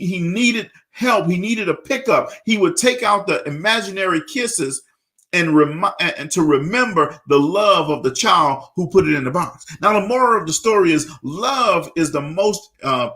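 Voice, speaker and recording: A male radio host gives a motivational leadership talk in a fairly high voice. He preaches straight to his listeners, "folks," and often stumbles and repeats words while he searches for the right phrase. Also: a bit bright.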